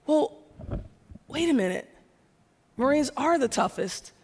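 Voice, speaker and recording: In a large event hall with long reverb and slight background noise, a woman from the American South delivers a motivational keynote. Her fairly high voice moves unhurriedly, yet she stays energetic and conversational, continually questioning the audience.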